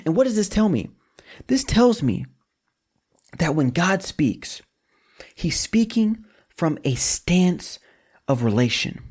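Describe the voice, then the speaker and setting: A preacher with a husky, slightly rough voice gives a relaxed, conversational sermon. The pitch sits in the middle, and the talk is informal, with restarts and slangy asides. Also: slow, long pauses. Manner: casual, repeats words, informal slang.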